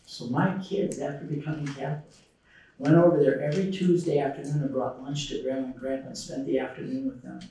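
In a large conference hall, a middle-aged man with a medium-pitched voice talks fairly quickly, mixing lively storytelling and acted-out quotes with audience Q&A. The sound is distant and echoey.

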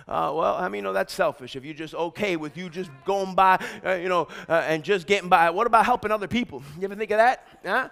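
High, bright-voiced energetic male preacher. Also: quick pace, gravelly, few pauses, soft background music. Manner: energetic, exhorting, has congregation repeat declarations; shouts out emphatic lines. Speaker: pastor. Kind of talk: sermon.

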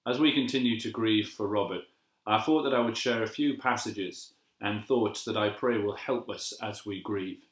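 A man giving a gentle, measured devotional sermon as a pastor, slowing down to repeat key phrases. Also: fairly low pitch. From England. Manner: gentle, measured and reflective, with slow emphatic repetitions. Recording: echoey room.

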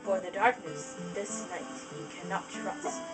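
A woman voicing a mysterious female zebra who speaks in slow, solemn rhymes. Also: medium pitch, far from the mic, loud music behind the voice, voice pushed down, close to an everyday voice, poor audio. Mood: ominous.

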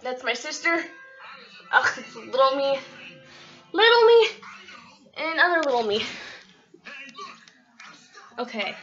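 A woman's voice: high voice, slow, long pauses, music in the background. A teenage girl rambling and giggling through a casual home vlog, self-mocking and chatty. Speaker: vlogger. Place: at home, in and around the kitchen. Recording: dull lo-fi home video with faint noise.

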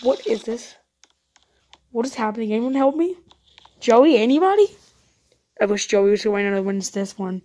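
A woman narrates a roleplay game as she plays it, talking straight to her viewers. Her voice sits a little high, and she turns jumpy at once, piling up quick panicked no's. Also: animated, dark tone. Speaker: YouTuber playing a roleplay game. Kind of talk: live gameplay commentary.

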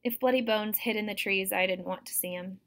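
A woman, a teacher, reading a novel aloud to students in a steady, expressive storytelling manner. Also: medium pitch, a little fast.

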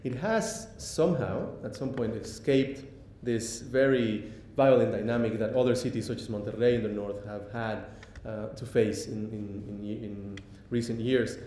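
Male lecturer, hesitant delivery, dark tone; echoey hall recording. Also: fairly even intonation. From Mexico. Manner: halting, many ums and restarts. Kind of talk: public lecture. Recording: echoey hall, faint rumble.

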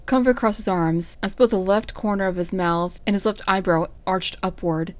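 Woman narrator for fanfiction read-aloud, steady and clear, medium pitch. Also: normal speed, hardly any pauses. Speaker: fanfic reader.

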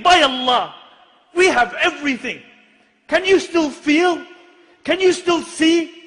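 Male preacher, fiery sermon delivery, sharp high voice in a reverberant hall. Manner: impassioned, rising to urgent rhetorical questions.

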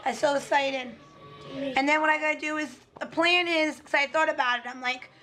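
A woman with a slightly hoarse voice, chatting casually to a handheld camera in a family vlog. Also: high voice, fairly even intonation, moderate pace, bright, forceful tone, faint music behind. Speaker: family vlogger.

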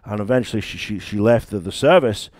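A man's voice: lowish voice, a little fast, a little mellow, dry recording, clean studio sound. A British man, a church founder and pastor, preaching a sermon in a conversational, emphatic way with stories.

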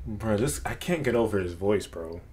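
A man giving casual, excitable, slang-filled reaction commentary to a music video, often laughing. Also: lowish voice, moderate pace. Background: music track playing.

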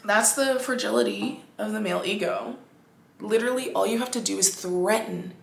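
Chatty woman with a gravelly voice. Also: medium pitch, echoey room. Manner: animated, chatty, many "like"s and restarts. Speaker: podcast host. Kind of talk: casual monologue.

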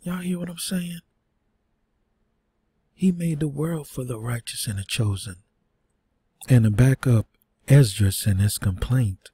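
A man's voice: medium pitch, a little slow, long pauses, dark tone, husky. A man teaching a sermon, reading scripture aloud and breaking in with earnest rhetorical questions. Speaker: preacher.

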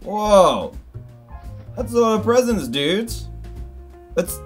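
A young man with an English accent, commentating as a YouTube host as he reacts to funny clips. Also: high-pitched. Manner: animated, exclaiming and laughing at clips.

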